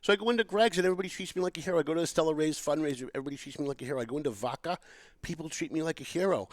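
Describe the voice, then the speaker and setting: A man's voice: a little high, rapid-fire, no room sound. A middle-aged man hosting a podcast, telling stories in casual political chat and acting out what people said to him. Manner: animated storytelling, acts out quotes. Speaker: podcast host.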